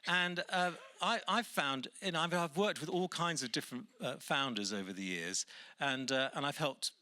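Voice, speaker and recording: A man hosting a business event, earnest and halting, often restarting his sentences. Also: on the high side, bright, forceful tone. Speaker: event host. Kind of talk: opening remarks at event.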